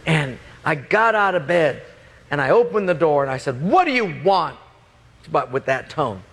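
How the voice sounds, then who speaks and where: A middle-aged man preaching a sermon as a lively story, acting out the voices and often laughing as he talks. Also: on the high side, normal speed.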